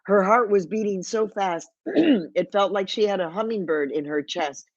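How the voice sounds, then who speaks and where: A woman's voice: medium pitch, animated, normal speed, no room sound. Woman reading vivid memoir aloud. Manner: vivid storytelling, slips into Spanish phrases. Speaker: author. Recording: dull, lo-fi, dry.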